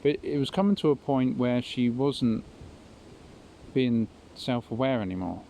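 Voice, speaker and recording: A man's voice: mid-range voice, unhurried, creaky, warm tone, a little hiss or hum. A young man tells a personal story in a casual, rambling way with many fillers. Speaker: vlogger.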